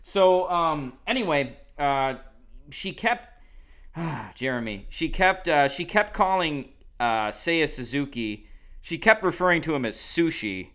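A man's voice: a little high, expressive, slow pace, pushed and bright. A man co-hosting a podcast, telling a long story in casual chat, rambling with lots of asides. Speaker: podcast co-host.

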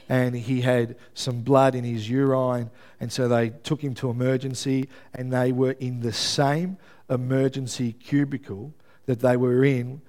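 A man preaching a conversational sermon. He is earnest, checks in with his listeners with a quick "yeah?", and stumbles over his words as he builds intensity. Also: mid-range voice, darkish tone. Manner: builds intensity, stumbles and repeats himself when moved.

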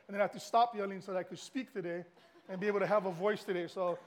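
A man's voice: sits high, steady tone, racing. A middle-aged man from Hawaii with a Hawaiian accent, a guest pastor giving a casual, chatty sermon to the congregation.

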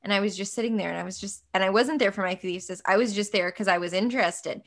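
A young American woman hosting a podcast, telling stories in an animated way with frequent laughs. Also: medium pitch, fast talker. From United States. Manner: animated storyteller, laughs often, acts out quotes. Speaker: podcast host. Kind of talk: casual interview chat.

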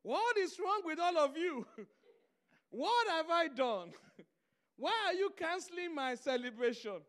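A preacher acting out the indignant questions of an upset aunt of seventy. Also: female voice, very high-pitched, big pitch swings, measured pace, pitched above the performer's own voice, heavily acted. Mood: hurt.

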